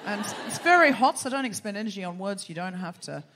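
An Australian woman hosting a live comedy podcast on stage, playful and quick to laugh. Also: medium pitch, slight background noise. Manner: animated, laughing, playful teasing. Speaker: podcast host. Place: live theatre stage before an audience.

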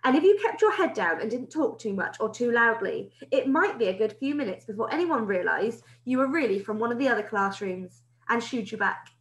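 A woman teacher reads a children's book aloud in an expressive storytelling manner. Her voice is fairly high and lively. The recording has a roomy echo. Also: brisk, hardly any pauses. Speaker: primary school teacher.

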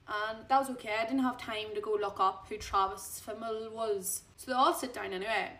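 Chatty young Irish woman, echoey room. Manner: chatty, animated gossip with big pitch swings. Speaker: vlogger. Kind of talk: get-ready-with-me storytelling.

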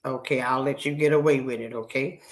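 Scolding her viewers with teasing, profane brashness, a woman in her sixties holds a casual live-stream chat. She has a bass voice with a steady tone and talks fairly quickly, captured with a roomy echo.

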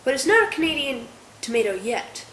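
A woman playing a bubbly co-host of a spoof cooking show, presenting dishes in a lively way. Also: high-pitched, a little fast. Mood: upbeat. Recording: echoey room, faint noise.

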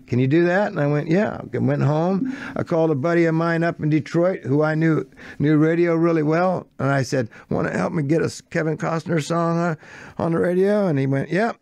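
An older American man with a gravelly, creaky voice tells a rambling story and quotes the people in it. His sound is close and dry, with no room around it. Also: a little high, no echo. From United States. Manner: animated anecdote, quoting others in shifting voices. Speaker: songwriter guest. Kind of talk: casual storytelling.

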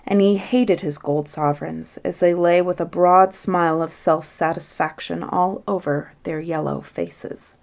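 A woman reading a bedtime fairy tale aloud with a gently expressive delivery and a voice a little lower than most women's. She stretches key phrases slowly for effect. The telling is calm and storybook-like.

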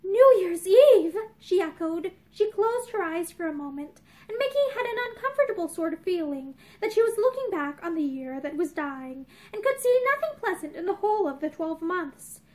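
A woman's voice: very high voice, sing-song, moderate pace, few pauses. A young woman reading a novel aloud expressively, with small restarts, in a room with bookshelves. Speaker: reader of a novel.

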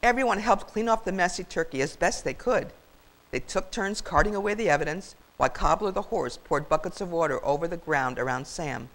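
An older woman reading a children's story aloud as a grandmotherly storyteller, in a warm, expressive way. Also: on the low side, fairly quick, poor audio.

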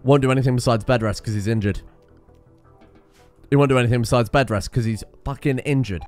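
A young man giving casual, excitable let's-play commentary, swearing and laughing at in-game disasters. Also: mid-range voice, brisk, faint music behind. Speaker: gaming video host.

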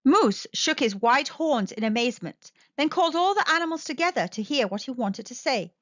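High, sing-song woman reading a kids' story. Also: animated, moderate pace, a bit bright, no room sound, dull audio. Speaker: storytime host. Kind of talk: children's read-aloud.

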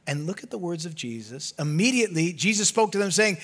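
A man preaching a sermon as pastor, animated and often dropping to a hushed low voice for emphasis. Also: a little fast, hardly any pauses, slightly rough.

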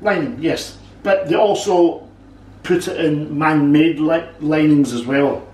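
A man's voice: a little high, a little mellow, far from the mic. Man explaining in a roomy kitchen. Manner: halting, many restarts, explains patiently. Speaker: cook and co-host. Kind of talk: casual cooking chat. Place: home kitchen. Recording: roomy kitchen sound from off-mic.

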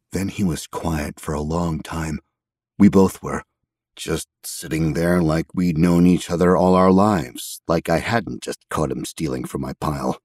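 A man reading a story aloud in the first person, measured and steady. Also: rumbling low, breathy edge, dry recording, studio quality. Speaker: audiobook narrator. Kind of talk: scripted story narration.

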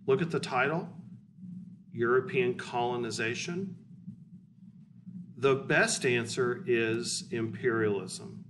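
A man teaching history in a loose, blunt way, as if chatting with students. His voice sits at a middle pitch and is picked up from a distance, with a faint hiss underneath. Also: slow pace, pauses often. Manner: blunt, conversational, explanatory. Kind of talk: casual classroom lecture.

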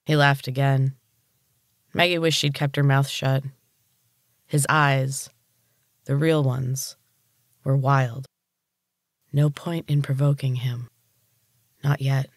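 Narrator for a dark audiobook: slow, unhurried pace, dry close mic. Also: medium pitch, no echo. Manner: steady, unhurried reading. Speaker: storyteller.

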